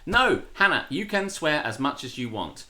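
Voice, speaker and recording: A young Englishman hosts a loose, chatty stream with a very bright, forceful voice. His pitch swings widely as he rambles, laughs and swears his way through stories. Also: sing-song, normal speed. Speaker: host. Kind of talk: casual livestream chat.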